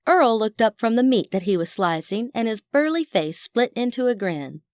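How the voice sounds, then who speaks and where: A woman's voice: a little high, lively intonation, moderate pace, hardly any pauses, dry recording, clean studio sound. A woman narrating a first-person audiobook in a wry, chatty manner.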